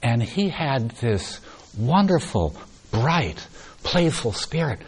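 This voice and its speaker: A man giving a meditation retreat talk, telling a story in a soft, unhurried way. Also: medium pitch, big pitch swings, breathy edge. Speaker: meditation teacher.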